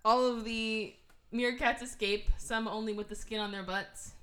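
A woman co-hosts a movie podcast in loose, casual chat. Her voice sits fairly high and sounds bright and sharp. She talks in a sarcastic, profane way and keeps swearing for effect. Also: fairly even intonation, normal speed. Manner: profane, sarcastic, acts out characters. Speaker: podcast co-host.

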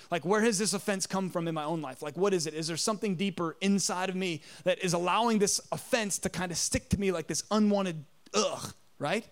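A man in his thirties preaching a sermon, telling a story in an animated way and acting out the voices in it. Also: high-pitched. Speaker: pastor.

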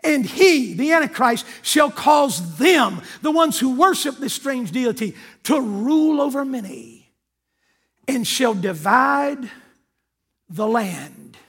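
A man's voice: very high voice, lively intonation, unhurried, a bit bright, slightly rough. An older man preaching a sermon, emphatic and calling out to his congregation, mixing scripture reading with personal stories. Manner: storytelling with quoted dialogue. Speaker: pastor.

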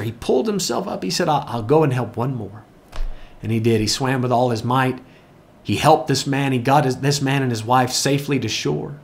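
A male pastor delivers a sermon in an earnest storytelling manner. His voice sits at an ordinary middle pitch for a man, and he leans on repetition to drive his points home. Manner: earnest storytelling, repeats key phrases for emphasis.

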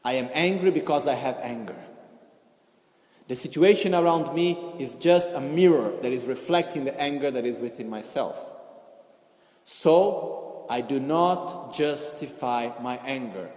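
A man's voice: medium pitch, expressive, measured pace. Man teaching in an echoey hall. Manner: gentle, repeats "okay?" and "you know", acts out inner voices. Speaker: Buddhist teacher. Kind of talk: Buddhist teaching talk. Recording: echoey hall with long reverb.

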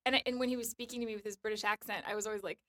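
A woman guest on a comedy podcast who tells a chatty anecdote and acts out the other people's lines as she quotes them. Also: medium pitch. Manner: fast, animated storyteller, acts out quotes. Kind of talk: casual chat, anecdote telling.

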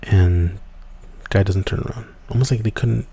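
A man's voice: on the low side, fairly even intonation, normal speed, vocal fry, warm tone, breathy edge, dry recording. A man hosting a podcast, telling a story casually with many fillers and restarts. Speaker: podcast host.

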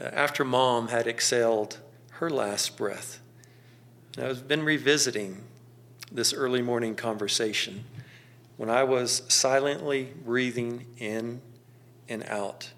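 A middle-aged man telling a personal story in a slow, gentle, contemplative way, with pauses. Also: medium pitch, gravelly.

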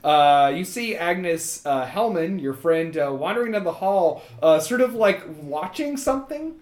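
A woman's voice: fairly low pitch, expressive, unhurried, darkish tone, roomy sound. A woman narrating a tabletop game as game master, hesitant and full of fillers.

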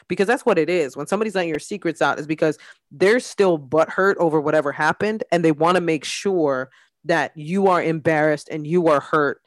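A woman's voice: low voice, no echo. Blunt, candid woman host, dry sound. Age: adult mother. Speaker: podcast host. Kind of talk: casual chat.

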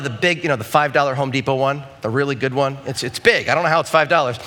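A male pastor preaching a sermon in a conversational, storytelling way, self-deprecating and animated when he quotes himself. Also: mid-range voice, fast talker, hardly any pauses.

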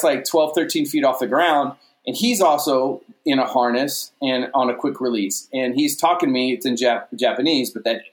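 A man telling a stage story in a casual interview, animated and often repeating "you know what I mean". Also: mid-range voice, echoey room. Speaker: guest, stage performer.

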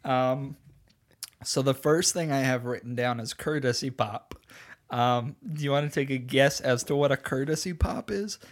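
A man's voice: mid-range voice, normal speed. A man co-hosting a podcast, tipsy and crude, laughing often through casual chat. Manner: laughs a lot, crude and joking. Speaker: podcast co-host. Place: bedroom.

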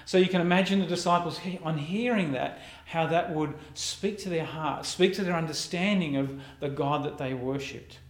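A man's voice: a little high, moderate pace, hardly any pauses, roomy sound. A man, preaching a reflective, conversational sermon as a pastor.

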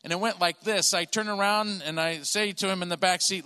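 A man doing stand-up storytelling as a comedian, animated and acting out the people in his stories. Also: sits high, brisk, few pauses, clean tone. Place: church auditorium. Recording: long reverb of a large hall.

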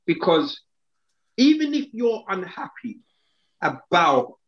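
A man's voice: a little high, fairly bright tone. A man talks in a slightly raised voice, emphatic and indignant as he chats on a podcast. His speech is loose and slangy. The recording sounds a little dull and muffled. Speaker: podcast co-host. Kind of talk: casual podcast chat.

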